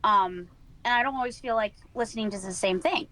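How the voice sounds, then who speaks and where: Female streamer guest, relaxed interview talk, laughs easily, slightly high voice. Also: brisk, low-quality recording. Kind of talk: casual online interview.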